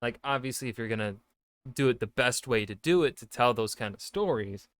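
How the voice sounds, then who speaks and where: A man's voice: mid-range voice, animated, brisk, dry recording. A man, an author, giving casual reaction commentary, rambling with many fillers and restarts. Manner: rambling, lots of fillers and self-corrections.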